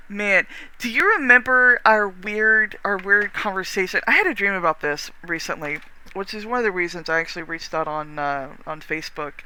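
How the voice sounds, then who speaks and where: A streamer with a Texan accent, chatting casually with viewers while gaming, rambling warmly with lots of restarts and the odd swear. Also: medium pitch, clear, resonant tone, no echo.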